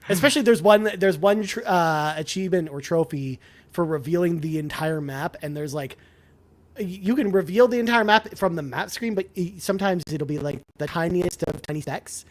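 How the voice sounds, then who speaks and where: Animated man chatting about games. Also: sits high, normal speed. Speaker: podcast co-host. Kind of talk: casual chat.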